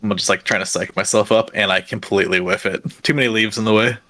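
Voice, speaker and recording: Loud, rapid man player. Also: on the low side, steady tone. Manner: loud, fast, self-mocking. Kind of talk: playing a tabletop game.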